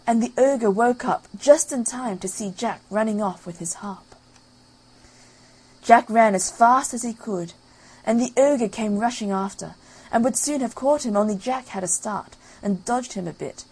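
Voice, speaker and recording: A woman narrating a bedtime fairy tale audiobook, lively and storytelling. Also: medium pitch, husky, low-quality recording. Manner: lively storytelling with loud sound effects.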